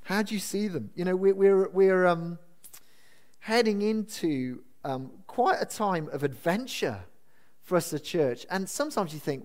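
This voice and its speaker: A man's voice: sits high, lively intonation, measured pace, a little mellow. A man preaching a sermon as pastor, earnest, asking his congregation questions and repeating key phrases for emphasis. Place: church building.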